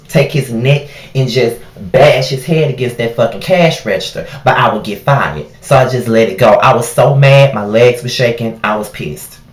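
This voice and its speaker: A man telling a profane, animated storytime vlog about a night at work. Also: mid-range voice, reverberant.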